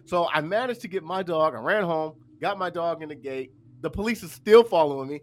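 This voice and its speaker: A man co-hosting a podcast, telling a story in casual chat and loudly acting out his own quotes. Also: fairly high pitch, expressive, fairly quick, slight background noise. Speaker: podcast co-host.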